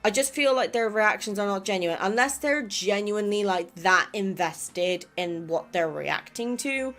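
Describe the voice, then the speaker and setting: A woman's voice: mid-range voice, measured pace, fairly bright tone, faint music behind. A woman from England with a West Country accent touched by American, chatting casually and rambling as she reads out viewer comments on her gaming channel. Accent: English West Country with some American. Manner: chatty, rambling, self-doubting. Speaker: gaming YouTuber.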